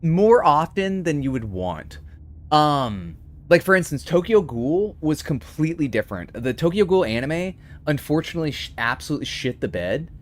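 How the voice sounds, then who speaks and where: A man's voice: a little high, normal speed. A man streaming a game while casually chatting and answering viewers' messages. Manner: chatty, reads and answers chat, animated. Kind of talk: casual live-stream chat.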